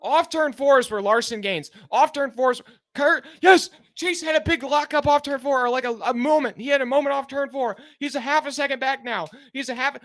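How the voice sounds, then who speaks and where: A man live-streaming a car race, giving excited, anxious fan play-by-play and pleading with the drivers, sounding out of breath. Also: very high-pitched, a little fast, few pauses, dry recording.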